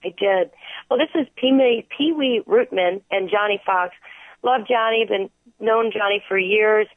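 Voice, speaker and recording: A woman's voice: medium pitch, unhurried, no room sound. A woman calling in to a radio show who talks about local gigs with enthusiasm. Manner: enthusiastic, upbeat. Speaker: radio guest on phone. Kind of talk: casual radio chat. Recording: tinny phone line.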